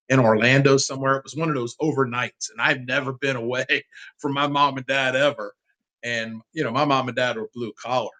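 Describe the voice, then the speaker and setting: Guy in his 50s telling an old story on a sports talk show, lively and heartfelt, regular pitch. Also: poor audio. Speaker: sports fan guest. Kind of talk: casual interview storytelling.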